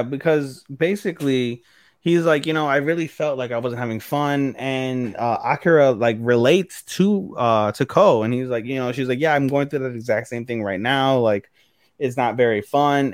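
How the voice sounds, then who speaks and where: A man's voice: mid-range voice, normal speed, no room sound, clean studio sound. A young man co-hosting a podcast in casual chat, retelling anime scenes and repeating himself for emphasis. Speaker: podcast co-host.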